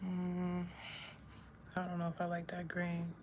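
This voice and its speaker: A woman's voice: lowish voice, completely flat delivery, measured pace, darkish tone, a little hiss or hum. A woman chatting casually with her livestream viewers while she does her makeup and reads comments aloud. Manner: laid-back, talks to chat, reads comments aloud. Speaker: livestream host.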